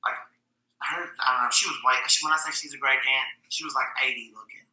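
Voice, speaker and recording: Southern man rambling, very bright voice. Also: medium pitch, steady tone, a little fast. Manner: rambling, jokey storytelling. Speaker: livestreamer. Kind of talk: casual livestream chat. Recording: roomy echo.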